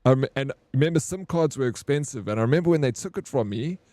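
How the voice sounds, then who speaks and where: A man's voice: medium pitch, expressive, quick pace, warm tone, no echo. A man in his thirties with a South African accent, chatting casually on a game livestream in a rambling, laid-back storytelling way. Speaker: streamer.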